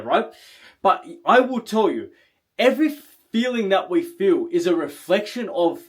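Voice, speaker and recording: A man giving a blunt motivational talk to camera as a self-improvement coach, emphatic and profane, often tagging lines with "right?". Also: high voice. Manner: emphatic, blunt, swears, keeps asking "right?".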